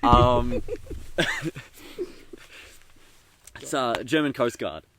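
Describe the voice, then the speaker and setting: A man's voice: mid-range voice, sing-song, drawn-out words, creaky, a bit bright, slight background noise. Rambling laid-back guy chatting outdoors. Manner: rambling, lots of ums and laughs. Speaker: podcast co-host. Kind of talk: casual chat. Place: outdoors in the bush.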